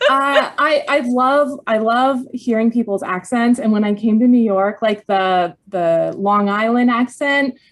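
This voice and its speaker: Chatty, high-pitched talk show host woman. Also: a little slow, few pauses. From Pittsburgh, USA. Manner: chatty, self-interrupting, laughs easily. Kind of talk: casual chat interview.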